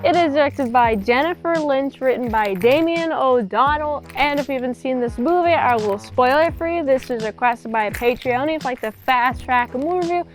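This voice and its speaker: A woman's voice: high-pitched, normal speed, hardly any pauses, soft background music, low-quality recording. A woman recapping a horror film in a casual, chatty way, with joking, rambling asides. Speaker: movie reviewer.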